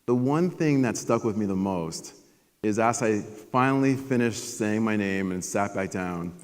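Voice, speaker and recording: A man in his forties giving a motivational conference keynote, telling a personal story with emphatic pauses. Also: on the low side. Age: 40s. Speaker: keynote speaker. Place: conference stage at a resort. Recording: long reverb of a conference hall.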